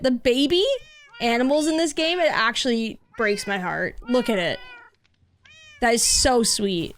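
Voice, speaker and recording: A woman streaming a video game in casual chat, cooing over cute cats and lapsing into soft baby talk to her pet. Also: on the high side, expressive, a little slow, slight background noise. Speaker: livestreamer. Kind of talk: casual gameplay livestream chat.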